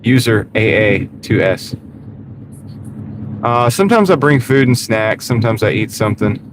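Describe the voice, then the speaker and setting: A man's voice: mid-range voice, normal speed. A man streaming live as a delivery driver, chatting casually with viewers by name and muttering over order offers while he drives. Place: inside a car while driving. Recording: steady car road noise. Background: car engine and road noise.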